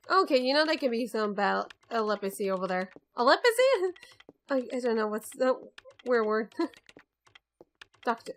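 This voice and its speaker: A woman's voice: fairly high pitch, fairly bright tone. A young woman giving casual, wisecracking commentary while she plays a video game. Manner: chatty and wisecracking about the game. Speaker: let's play gamer. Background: faint game music.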